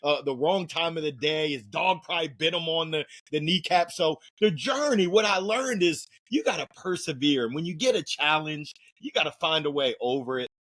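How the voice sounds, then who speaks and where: A man being interviewed on a podcast as a motivational speaker, urging listeners on with energetic, punchy repeated calls to act. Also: on the high side, moderate pace, hardly any pauses. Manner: energetic hype-man delivery, exhorting listeners directly; repeats phrases for emphasis, punchy chant-like calls. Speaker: guest, motivational speaker and sales leader.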